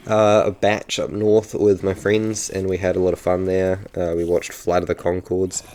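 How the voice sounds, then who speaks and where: A man's voice: low-pitched, monotone, moderate pace, a little mellow, slight background noise. A young man with a New Zealand accent chatting casually in a vlog, rambling and often correcting himself. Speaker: YouTuber.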